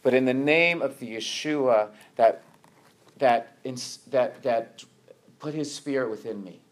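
A man's voice: medium pitch, a little slow. A man preaching a sermon to his congregation, often restarting his words and checking in with "right?".

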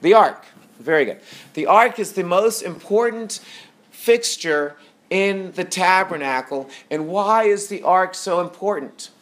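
A man's voice: high voice, unhurried, a bit bright. A man teaching a sermon on scripture, asking his listeners questions, answering them himself and repeating his key points. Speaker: teacher on weekly scripture portion.

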